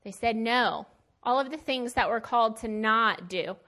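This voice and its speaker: Woman Bible teacher, fairly high voice, chatty, emphatic preaching with slang. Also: normal speed, pushed and bright. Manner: conversational and emphatic, with plain slangy asides. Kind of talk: casual sermon.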